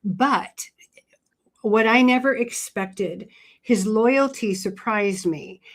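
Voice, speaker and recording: A woman's voice: mid-range voice, takes it slowly. A woman author talking about her writing as a radio guest. She talks in a chatty way, often restarting her sentences. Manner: chatty, frequent restarts and fillers. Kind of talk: casual interview talk.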